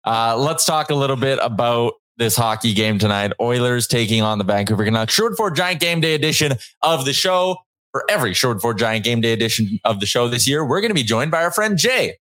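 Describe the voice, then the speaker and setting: A man hosts a casual sports talk show from a small studio, hyped up and joking as he reads out viewer comments. His voice sits at a middle pitch. The room sounds dry. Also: expressive, a little fast, fairly bright tone, no echo. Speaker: podcast host.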